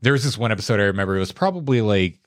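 A man's voice: fairly low pitch, expressive, racing, no room sound, studio quality. A man co-hosting a podcast in casual chat, blunt, crude and teasing. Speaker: podcast co-host.

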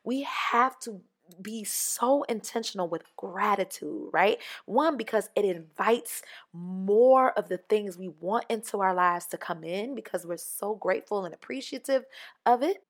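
A woman hosting a casual solo podcast, talking in a lively, conversational way and acting out little quoted voices. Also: mid-range voice, a little slow. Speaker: podcast host.

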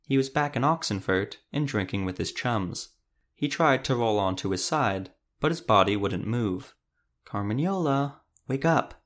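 A man narrating a fantasy audiobook in a steady storytelling manner. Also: on the low side, moderate pace.

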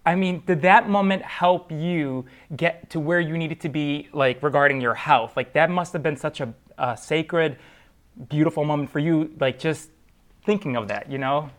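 A man's voice: fairly high pitch, normal speed. A man hosting an interview, asking earnest, emotive questions full of "you know" and "like". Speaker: interview host.

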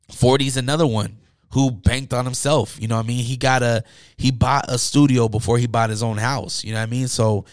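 A man's voice: mid-range voice, dry recording, clean studio sound. Casual man hosting a podcast. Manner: loose, hesitant with fillers, motivational. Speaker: podcast host and DJ.

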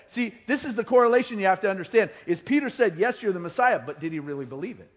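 A male pastor preaching a sermon, telling stories with lively acted-out quotes. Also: sits high, quick pace. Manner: animated storytelling, acting out quoted voices. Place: church hall.

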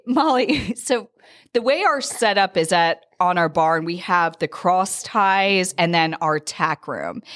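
Lively, animated woman telling a story. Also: on the low side. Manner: animated, acts out quoted voices. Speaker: podcast co-host. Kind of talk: casual storytelling chat.

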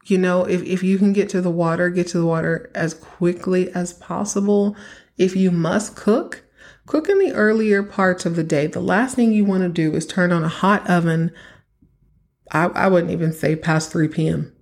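A young woman from Texas talks through a solo podcast episode in a loose, chatty way, leaning hard on her advice to the listeners. Her voice sits a little low for a woman. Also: normal speed, a little mellow. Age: young adult. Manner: chatty, emphatic, giving advice directly to listeners. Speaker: podcast host. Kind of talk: casual solo podcast monologue.

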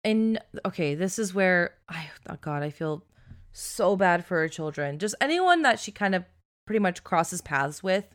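A woman's voice: fairly low pitch, expressive, moderate pace. A woman co-hosting a podcast, telling a true crime story in a chatty, casual way, swearing freely and saying "like" often. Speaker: podcast co-host.

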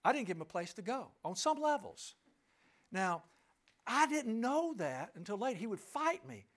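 A man's voice: high voice, big pitch swings, moderate pace, fairly bright tone. A middle-aged man telling a personal story to an audience, emphatic and asking listeners rhetorical questions. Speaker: speaker addressing an audience.

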